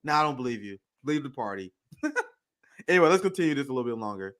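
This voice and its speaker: A man hosting a political commentary show, heated and profane, reacting with outrage and bursts of shouting. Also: mid-range voice, very animated, fast talker. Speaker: show host.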